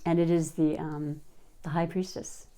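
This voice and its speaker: Low, mellow-voiced woman reading tarot. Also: flat delivery, unhurried. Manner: warm-hearted, gushing, many restarts. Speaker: tarot reader.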